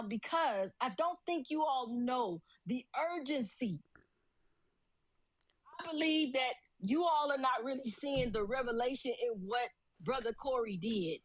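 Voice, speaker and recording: Impassioned preachy woman, high voice. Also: expressive, measured pace, no room sound. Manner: preachy, impassioned, calls people brother. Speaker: guest commentator. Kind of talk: impassioned commentary.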